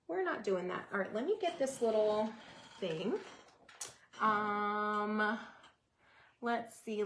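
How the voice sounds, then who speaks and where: A woman hosting a live DIY craft stream, chatting with viewers, greeting them by name, and breaking into excited yelling. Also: on the low side.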